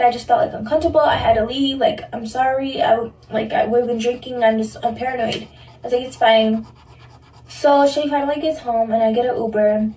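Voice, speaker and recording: A woman's voice: on the high side, mellow. Young woman telling a story, echoey distant clip. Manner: chatty, full of "like", acting out quoted speech. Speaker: storyteller in played audio. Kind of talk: casual storytelling.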